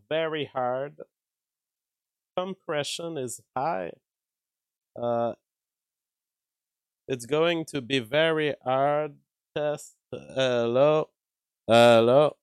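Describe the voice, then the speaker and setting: Male streamer, dry close sound, analytical, thinks out loud, breaks down a clip. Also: mid-range voice, smooth, no echo, low-quality recording. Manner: analytical, thinks aloud with fillers and restarts. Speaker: live-stream commentator. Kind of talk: live-stream commentary on an interview clip. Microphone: own mic with a compressor.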